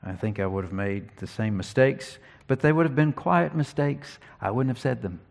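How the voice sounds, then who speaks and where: A man preaching an expository sermon, teaching earnestly and reading scripture slowly with emphasis. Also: mid-range voice, expressive, gravelly.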